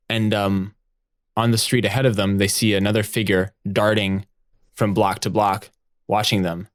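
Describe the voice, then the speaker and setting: A man's voice: fairly low pitch, flat delivery, normal speed, no room sound. Giggly male storyteller, dry close sound. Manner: chatty, giggly, filler-heavy. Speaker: podcast host and storyteller. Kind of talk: improvised storytelling narration.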